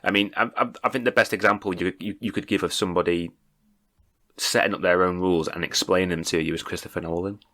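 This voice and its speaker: A man's voice: deep voice, fairly even intonation, quick pace, pushed and bright. A man co-hosting a podcast, casually giving his opinions on films and explaining them at length. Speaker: podcast co-host. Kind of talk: casual film discussion.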